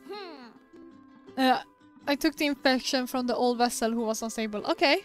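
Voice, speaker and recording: A woman's voice: high voice, normal speed, long pauses, soft background music. A woman streamer giving casual, chatty gameplay commentary, giggling and poking fun at herself. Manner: chatty, giggly, self-mocking.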